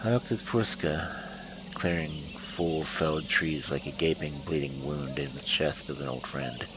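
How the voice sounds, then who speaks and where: Deep-voiced man reading a story game aloud. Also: unhurried, noisy background. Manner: lively reading, muttered asides. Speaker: streamer playing a story game.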